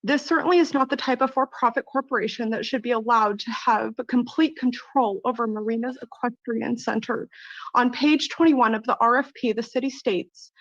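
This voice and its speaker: A woman's voice: on the high side, normal speed, no echo, muffled recording. A woman giving an earnest, emotional public comment at a city council meeting, reading out prepared remarks.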